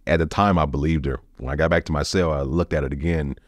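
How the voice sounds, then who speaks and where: A man's voice: a bass voice, fairly even intonation, fast, no echo, studio quality. A man telling his own story as a podcast guest, blunt and profane, with emotional swings. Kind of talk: candid personal storytelling.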